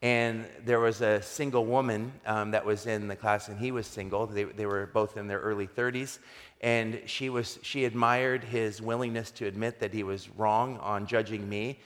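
A man's voice: on the low side, flat delivery, normal speed, fairly bright tone. A middle-aged pastor telling a story in a sermon, conversational and funny, growing emphatic as he preaches. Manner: conversational, humorous storyteller who grows emphatic when preaching. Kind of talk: sermon told as a personal story. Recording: long reverb of a large hall.

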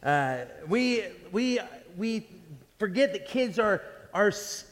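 Pastor preaching in a reverberant hall. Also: male voice, high voice, moderate pace. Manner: animated storytelling with frequent restarts. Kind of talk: sermon.

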